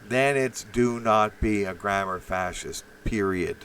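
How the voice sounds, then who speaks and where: A man's voice: lowish voice, measured pace, fairly bright tone, recorded from a distance, slight background noise, rough recording. A man hosting a live stream, rambling profanely with many fillers and restarts while reacting to chat.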